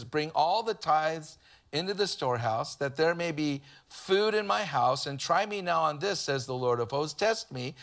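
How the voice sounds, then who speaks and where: A man delivers a sermon in a relaxed, talkative way. His voice sits a little high, and he drifts into humorous everyday stories as he preaches. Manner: conversational preaching with humorous anecdotes. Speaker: pastor.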